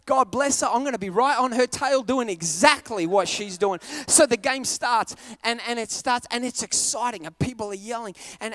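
An Australian man preaches in an animated, self-mocking storytelling style, now and then bursting into shouts as he acts out a scene. His voice sits high for a man. The sound is dry, with almost no room around it. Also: dry recording. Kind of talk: humorous sermon storytelling.

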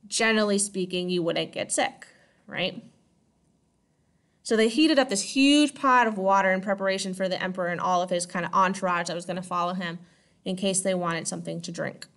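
A woman's voice: medium pitch, a bit bright. A woman teaching a history lesson in a casual, chatty way, often checking in with her listeners. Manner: chatty, checks in with 'right?' and 'okay?'. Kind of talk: casual classroom lecture.

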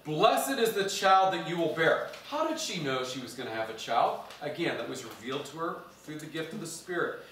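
A man's voice: on the high side, sing-song, fairly quick, hardly any pauses, a bit bright, slight background noise. A man preaching a sermon as pastor, reading scripture and stretching out key words for emphasis. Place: church. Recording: echoey church from a distance.

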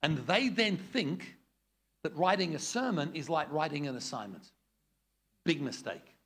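Older aussie guy teaching preaching, gravelly husky voice, jumps all over in pitch, blunt and jokey. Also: expressive, unhurried, a bit bright. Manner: blunt, jokey, demonstrates tones of voice. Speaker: preaching trainer.

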